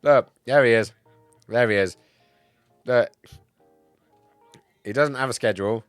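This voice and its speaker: A man streaming live in casual chat, a bit tipsy, excitable and swearing, swinging between loud outbursts and low mumbles. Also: unhurried, clear, resonant tone, dry recording, soft background music. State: tipsy from cider.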